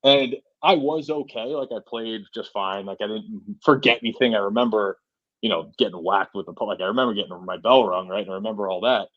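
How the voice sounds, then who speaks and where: A man's voice: fairly low pitch, brisk, no room sound, lo-fi sound. A man in his forties from Massachusetts, a podcast guest telling stories in a rambling, casual way with lots of "you know" and "right?". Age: 40s. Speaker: podcast guest, truck driver. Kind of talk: casual storytelling.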